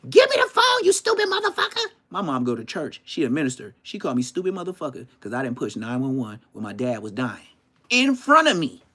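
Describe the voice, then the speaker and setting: A man hosting his podcast in a loud, rambling, profane rant. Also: mid-range voice, very animated, a little fast. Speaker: podcast host. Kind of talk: casual ranting podcast monologue.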